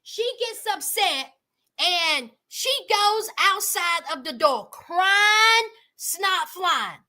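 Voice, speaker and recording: A woman hosting a casual reality TV recap, animated and exclaiming, talking straight to her viewers. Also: extremely high pitch, extremely slow.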